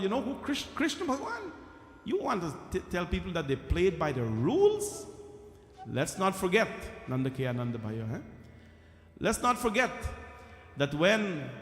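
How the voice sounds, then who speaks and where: A man telling a devotional story in a temple, animated, acting out dialogue and making asides to the audience. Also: fairly high pitch. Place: temple hall. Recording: reverberant temple hall.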